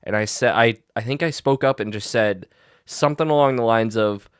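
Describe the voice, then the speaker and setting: A man's voice: mid-range voice, normal speed, clear, resonant tone, no room sound, studio quality. A young man co-hosting a podcast, telling a story in casual chat with lots of fillers and restarts. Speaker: podcast co-host.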